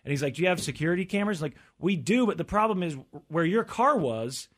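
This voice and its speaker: A man's voice: on the high side, quick pace. A man co-hosting a casual podcast chat, telling a story and quoting the people in it. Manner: storytelling, quotes others in lively voices. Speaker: podcast co-host.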